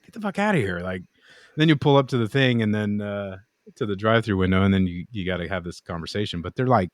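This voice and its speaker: A man with a lowish voice speaks quickly on a dry recording. He's a podcast co-host and knifemaker who wanders through anecdotes in easy chat, swears, and acts out quotes.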